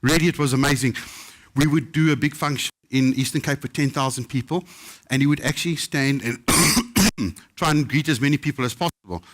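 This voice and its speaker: A man's voice: mid-range voice, a little fast. Humorous South African man telling stories live. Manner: lively, humorous, mimics other people's voices in quotes. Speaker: chef telling stories at a book festival. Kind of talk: live anecdotal storytelling to an audience.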